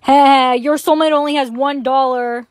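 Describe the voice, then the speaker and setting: A woman's voice: sits high, steady tone, measured pace, dry recording. A young woman acting in a comedy skit, delivering rules and warnings earnestly. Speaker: skit co-actor.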